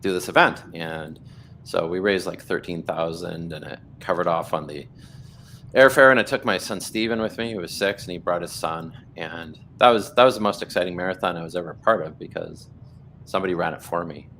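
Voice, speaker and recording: A blood cancer survivor appears as a guest on a video call livestream, earnestly telling his personal story with many restarts and quoted dialogue. His voice is low and fairly bright, a little fast, with a faint hiss or hum in the audio.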